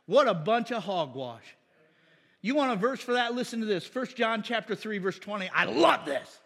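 A man's voice: high voice, sing-song, normal speed, a bit bright, husky, long reverb tail. A man preaching a sermon in a folksy, emphatic way, often calling for amens.

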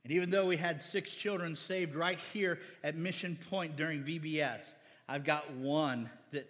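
A high, bright male voice preaches with fervor, calling out for amens and weaving scripture into his exhortation. The middle-aged pastor's words ring through a reverberant church hall. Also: steady tone, normal speed. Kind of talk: sermon.

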